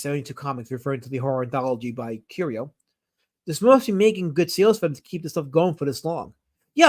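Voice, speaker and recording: Chatty enthusiastic male streamer. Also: a little high. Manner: rambling, enthusiastic, with frequent fillers and self-corrections. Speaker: streamer host. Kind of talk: casual live-stream chat reading viewer comments.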